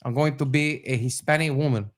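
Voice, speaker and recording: A man co-hosting a comedy podcast, bantering with a wry, teasing deadpan while reading a script aloud. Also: mid-range voice, a little fast. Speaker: podcast co-host.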